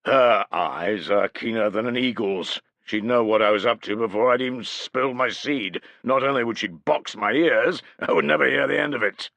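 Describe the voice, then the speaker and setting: A man voicing a hearty, bawdy male tribal host who leers and jokes loudly in an audiobook. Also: medium pitch, normal speed, creaky, few pauses, no room sound, voice pushed up. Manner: boisterous, leering. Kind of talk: audiobook character voice.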